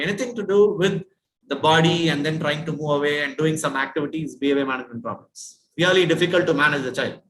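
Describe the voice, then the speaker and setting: A man's voice: on the high side, a bit bright, roomy sound, low-quality recording. A man with an Indian accent giving a dental lecture, often asking the students questions and repeating his points. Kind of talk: classroom lecture.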